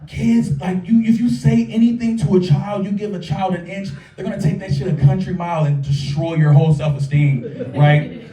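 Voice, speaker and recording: A man from California doing a stand-up comedy set at a live show, telling stories in an animated, profane way. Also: sits high, moderate pace. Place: live show at a small local art venue. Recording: roomy, distant mic, audience laughter.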